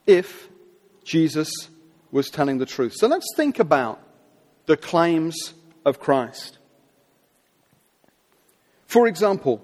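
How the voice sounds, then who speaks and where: A man delivers a sermon in a fairly high voice, storytelling with emphatic phrasing and drawn-out dramatic pauses. His words ring with a long hall reverb. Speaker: preacher.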